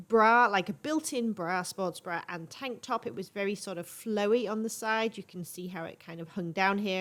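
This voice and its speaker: A woman talking casually to her camera, her voice stuffed up and congested from allergies. Her delivery is chatty and conversational, with frequent ums and quick asides. She sits at a middle pitch for a woman. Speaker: online reseller vlogger.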